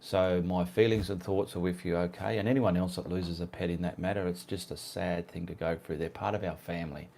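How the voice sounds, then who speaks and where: Chatty Australian man, lowish voice. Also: fairly even intonation, fairly quick, gravelly, few pauses, darkish tone, slight background noise. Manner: chatty, reads out viewer comments, easily sidetracked. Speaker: artist hosting live Q&A stream. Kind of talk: casual live-stream chat.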